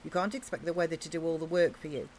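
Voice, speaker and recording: Game reading: an English woman plays a cheerful male orc farmer, encouraging and chatty, in a somewhat low voice. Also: steady tone, fast, noisy background, close to an everyday voice. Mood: eager. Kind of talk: reading game dialogue aloud.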